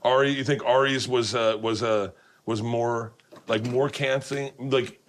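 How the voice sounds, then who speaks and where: A middle-aged podcast host tells rowdy anecdotes over dinner, profane and animated, restarting often. His voice is mid-range and unhurried, with slight background noise.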